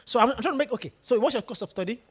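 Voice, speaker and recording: This is a man giving a motivational talk to students in a lecture room. His voice rises and falls in a lively, animated way. He tells stories and keeps asking the room questions. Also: very high voice, very fast, husky. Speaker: guest speaker.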